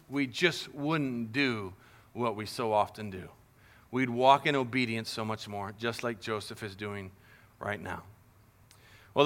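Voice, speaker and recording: A man preaching to children and families, animated and playful, acting out little scenes as he tells the story. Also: mid-range voice. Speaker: pastor. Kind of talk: sermon to kids and families.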